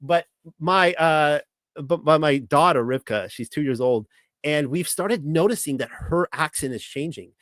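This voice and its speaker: A man with a Californian accent, talking in a casual monologue as the host, rambling and halting with many restarts and fillers. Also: on the high side, fairly bright tone, no echo.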